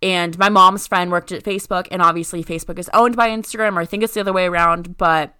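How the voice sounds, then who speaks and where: A woman's voice: on the low side, fairly even intonation, fast talker, bright, forceful tone, clear, resonant tone, no echo, clean studio sound. A young woman co-hosting a podcast, telling a story in casual chat and filling it with "like". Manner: rambling, heavy use of "like". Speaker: podcast co-host.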